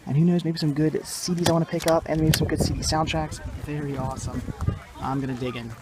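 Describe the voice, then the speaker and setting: Outdoors at a yard sale, a young man hosts a casual vlog in a highish voice with a level tone and quick pace, amid very heavy noise. He rambles enthusiastically, corrects himself a lot, and keeps saying "very cool" and "awesome."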